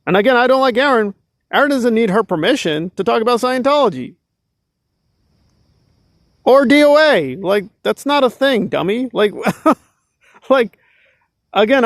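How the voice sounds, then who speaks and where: A man's voice: high-pitched, no echo. A man giving casual, exasperated commentary, sarcastic and full of filler likes. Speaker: commentary vlogger.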